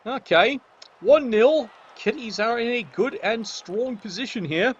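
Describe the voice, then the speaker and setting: A man's voice: extremely high pitch, animated, unhurried, dull audio, slight background noise. A man giving cheeky, sardonic commentary on a tabletop game match.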